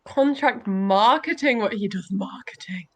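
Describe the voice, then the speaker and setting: Playful higher-voiced woman co-host. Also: unhurried. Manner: playful, jokey, laughs often. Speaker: podcast co-host. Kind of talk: casual chat reading out contestant bios.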